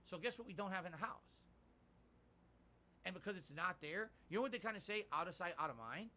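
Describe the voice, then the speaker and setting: A middle-aged man talks on a live stream, rambling and emphatic as he reads out viewer tips. His voice sits a bit high and comes across bright and forceful. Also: expressive, fairly quick. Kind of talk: casual livestream talk.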